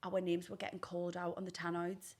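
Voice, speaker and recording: A woman hosting a podcast, telling stories in a casual, animated way. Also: fairly low pitch, a little fast. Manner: storytelling, animated. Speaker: podcast host. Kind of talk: casual chat.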